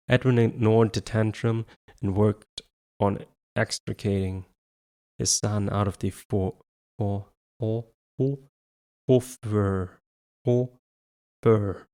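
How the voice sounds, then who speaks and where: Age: adult. Sex: man. Style: low-voiced amateur audiobook narrator. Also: steady tone, slow pace, a little mellow. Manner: stumbles and restarts words, self-corrects. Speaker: audiobook reader.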